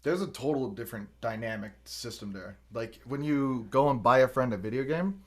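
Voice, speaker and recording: Podcast guy, mid pitch, animated storyteller, swears a lot, does the voices in his quotes. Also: normal speed. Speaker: podcast host. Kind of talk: casual podcast chat, storytelling.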